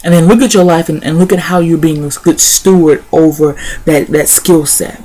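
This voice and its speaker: A young woman vlogs her thoughts in a deep, warm voice with a steady tone and normal speed. It's casual spoken reflection, full of repeated words and the odd "y'all" or "honey."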